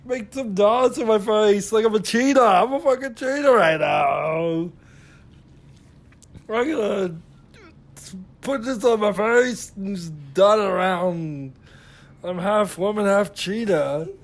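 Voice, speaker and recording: A man's voice: high-pitched, slow. A man voicing a boastful, goofy beauty vlogger. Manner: gasping exclamations and mild swearing; humming filler syllables while working. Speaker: husband narrating his wife's makeup tutorial. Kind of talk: comic voice-over narration.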